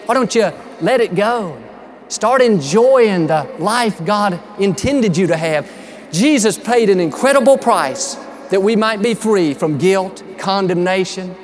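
High-voiced upbeat male preacher. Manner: upbeat, emphatic preaching with folksy storytelling. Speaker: pastor. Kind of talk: sermon.

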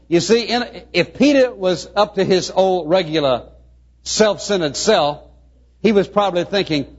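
Husky-voiced male preacher, earnest. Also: sits high, normal speed. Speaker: pastor. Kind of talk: sermon. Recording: muffled lo-fi sermon recording.

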